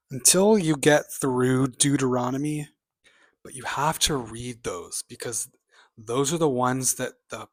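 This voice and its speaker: Male vlogger, mid-range voice, casual bookshelf chat, opinionated and rambling with offhand asides. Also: medium pitch. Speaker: booktube vlogger.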